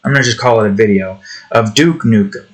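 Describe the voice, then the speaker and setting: A man's voice: lowish voice, brisk, poor audio. A tired young man from New Jersey, rambling and ranting casually while he draws. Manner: meandering, frustrated rant with frequent restarts. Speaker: art streamer.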